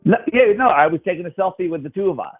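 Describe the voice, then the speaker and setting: A man's voice: sits high, lively intonation, quick pace, breathy edge, phone-quality sound, soft background music. A man in casual chat, telling stories animatedly and repeating words as he goes. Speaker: guest.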